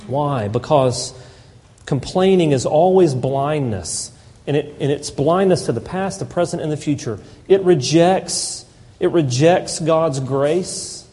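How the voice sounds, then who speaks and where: Pastor, male, mellow mid-high voice, impassioned sermon, long church reverb. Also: takes it slowly. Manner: impassioned preaching, mimics complainers in whiny voice. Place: church sanctuary.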